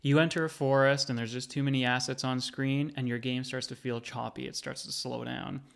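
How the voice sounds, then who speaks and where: Man in his thirties, mid-pitched, hosting a gaming video essay with easy, wry narration. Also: little pitch movement, brisk, creaky, a bit bright.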